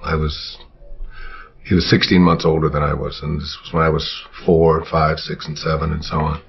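An older man from Michigan telling childhood stories in an interview, halting with many fillers and restarts. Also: extremely low pitch, level tone, creaky, breathy edge. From Michigan, USA. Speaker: interviewee, self-help author. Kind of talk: reflective storytelling. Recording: dull lo-fi interview recording.

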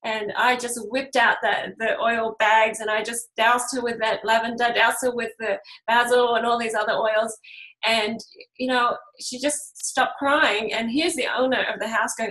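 Woman, 30s, slightly high pitch; casual, laughing class host full of fillers. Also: fairly even intonation, normal speed, fairly bright tone, poor audio. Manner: chatty, laughing storyteller, many fillers. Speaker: essential oils class host. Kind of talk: casual talk to a group.

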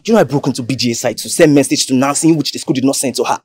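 A rattled young hacker, played by an actor, turns down a friend with agitated refusals. He talks quickly, his voice husky and dry up close. He speaks with a Nigerian accent. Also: mid-range voice, a little mellow, dry recording, close to an everyday voice. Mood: refusing. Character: nervous young male hacker refusing a favor.

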